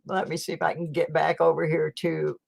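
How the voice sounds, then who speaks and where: A woman's voice: low voice, level tone, fairly quick, gravelly, low-quality recording. A woman hosting her own live stream, chatting casually with viewers and laughing often. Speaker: channel host.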